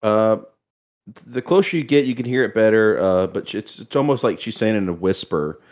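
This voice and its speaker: A man acting as game master, narrating a tabletop horror game with halting, searching descriptions. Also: lowish voice, animated, darkish tone.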